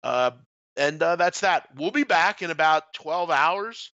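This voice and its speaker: Lively bright-voiced male betting show host. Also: on the high side, a little slow, no room sound, dull audio. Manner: loose and jokey, swears freely. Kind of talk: casual podcast banter.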